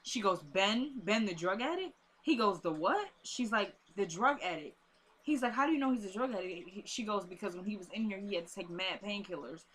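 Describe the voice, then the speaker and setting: A woman's voice: mid-range voice, expressive, brisk, a bit bright. A young woman, chatting casually as she recaps a TV episode and retells the scenes with quoted lines and asides.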